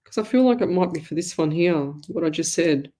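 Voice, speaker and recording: A woman's voice: on the low side, animated, brisk, dark tone. Chatty woman giving readings. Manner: chatty, rambling, addresses listeners as lovey. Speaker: psychic medium host. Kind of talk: live online call-in readings.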